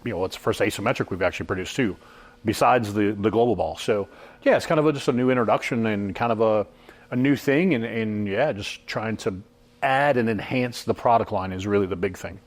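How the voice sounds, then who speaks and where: A man's voice: lowish voice, brisk. Rambling man explaining with fillers. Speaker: product designer guest. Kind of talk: casual chat.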